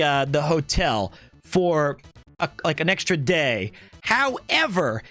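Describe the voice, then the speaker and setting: A young man hosting a stream, telling a rambling, joking story in a casual, animated way. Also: sits high. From United States. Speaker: streamer host.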